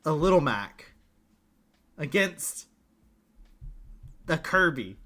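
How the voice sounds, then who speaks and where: A young man commentating a live fighting-game match, excitable and jokey, often laughing with his co-caster. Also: a little high, drawn-out words. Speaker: esports commentator.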